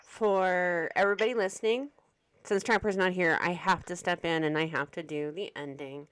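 A woman co-host wraps up a podcast episode in a relaxed, slightly scattered way. Her voice is smooth and clear, and it sounds dry and close to the mic. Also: fairly low pitch, moderate pace, dry recording. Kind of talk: casual podcast sign-off.

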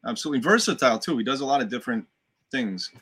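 A man with a softened Boston accent, an actor guest telling animated stories in a casual chat and swearing freely. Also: medium pitch, rapid-fire, breathy edge. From Dorchester, Boston.

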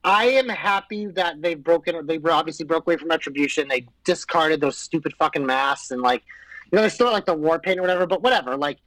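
A man's voice: on the high side, brisk, a bit bright, no room sound, rough recording. A man co-hosting a casual podcast chat, giving blunt, profane opinions. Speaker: podcast co-host. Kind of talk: casual chat about pro wrestling.

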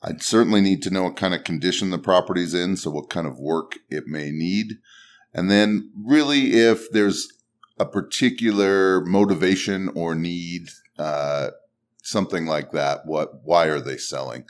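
A man's voice: low-pitched, unhurried. A man answering as a podcast guest, direct and listing details plainly. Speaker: guest investor. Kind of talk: casual podcast Q&A.

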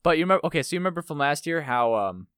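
A man's voice: a little high, very fast, smooth, dry recording. A young man chatting casually with a podcast co-host and telling anecdotes with animation. He often slips into the voices of the people in his stories. The recording is dry and close, with no room sound. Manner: animated storytelling, acts out quoted voices. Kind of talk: casual chat.

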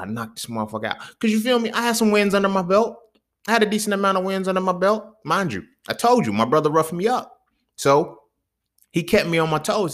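The young adult man hosting the podcast recounts a story in laid-back slang, his voice dropping to low mutters and then jumping into loud bursts of excitement.

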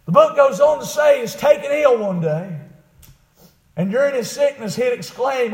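A man preaching a fiery revival sermon, dropping to low murmurs and then rising into shouted, drawn-out cries. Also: animated, reverberant.

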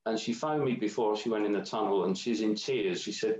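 A man's voice: fairly low pitch, a little fast, hardly any pauses, darkish tone, roomy sound, dull audio. A man in a casual conversation, telling a long meandering story with many restarts. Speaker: guest.

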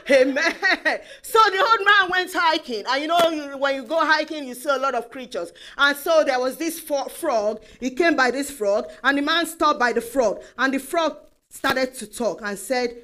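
Woman preacher, high bright voice, emphatic, lots of amens. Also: animated, normal speed. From Africa. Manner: emphatic, repetitive, calls of amen. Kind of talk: sermon.

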